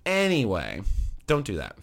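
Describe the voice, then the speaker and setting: A man's voice: lowish voice, wildly swooping pitch, unhurried, creaky, fairly bright tone, soft background music. A man co-hosting a gaming podcast in casual chat, swearing freely and ranting with enthusiasm. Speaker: podcast co-host. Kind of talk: casual chat about games.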